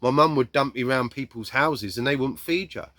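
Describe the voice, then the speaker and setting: A man telling a raw personal story bluntly, swearing heavily and acting out shouts and quoted lines. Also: mid-range voice, normal speed, no echo.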